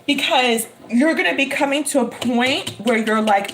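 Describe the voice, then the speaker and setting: Emphatic woman tarot reader, high voice. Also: moderate pace, a little hiss or hum. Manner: emphatic, repeats phrases, excitable. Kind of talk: live-streamed tarot reading.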